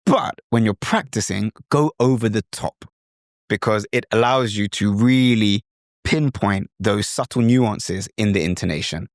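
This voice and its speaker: A man's voice: fairly low pitch, a little slow, dry recording, clean studio sound. A man from Britain with a British accent, hosting a podcast as a language coach. He explains with enthusiasm and often slips into imitations of other accents. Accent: British English. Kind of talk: instructional talk.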